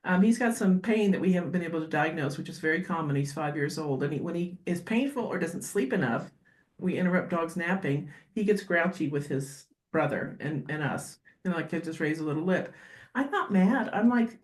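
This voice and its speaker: A woman guest on a podcast talking as a dog behaviorist, animated and quick to act out little scenes. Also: lowish voice. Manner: animated, acts out dogs and owners in quick asides. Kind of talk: podcast interview conversation. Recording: roomy echo.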